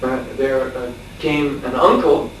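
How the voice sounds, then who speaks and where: A male monk tells a long anecdote during a scripture class in a relaxed, conversational way, with frequent chuckles and hesitant fillers. His voice sits at an average pitch. The recording is distant, heavily reverberant and carries a faint hiss. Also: slow. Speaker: monk lecturer. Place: lecture room at a farmstead. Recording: echoey room, distant mic, faint hiss.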